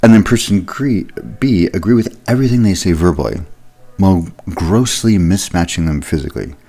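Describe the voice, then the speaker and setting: Male trainer with a very deep voice, explaining things casually. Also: animated, moderate pace, mellow. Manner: conversational, explanatory, with fillers. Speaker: leadership trainer. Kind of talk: recorded leadership lesson.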